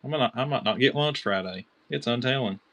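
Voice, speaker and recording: Speaking in a mid-range voice, a little fast, a Kentucky-accented man auctions knives over a live stream. He chats excitedly and names the bidders as they come in.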